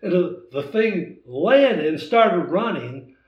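A man in his sixties, a guest telling a hunting story in a lively, casual way, acting out the voices in it. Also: high voice, slow. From United States. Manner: animated storyteller, acts out voices in his tale. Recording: roomy, distant, dull sound.

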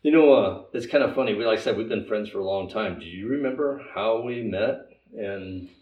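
A man's voice: on the low side, brisk, echoey room, distant mic, highs cut off. A man in his sixties hosting a casual interview, chatty and friendly. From United States. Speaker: podcast host.

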